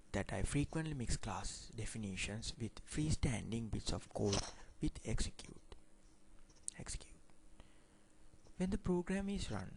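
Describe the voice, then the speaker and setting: Man, programming instructor, reads code line by line, slow delivery, gravelly voice. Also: mid-range voice, darkish tone, slight background noise. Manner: reads code aloud line by line, plainly explaining. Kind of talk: screen-recorded coding tutorial.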